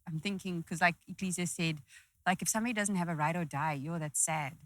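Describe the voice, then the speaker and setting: A woman hosting a casual podcast, asking questions in an animated, exclamatory way. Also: on the low side, a little fast, no echo. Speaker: podcast host. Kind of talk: casual chat.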